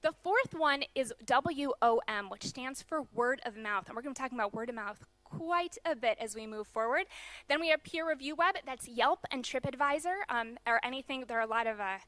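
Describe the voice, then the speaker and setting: A young woman from the USA giving a conference keynote, explaining data in a brisk manner with some fillers. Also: high-pitched, sharp tone, dry recording. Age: young adult. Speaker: keynote speaker. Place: large conference hall.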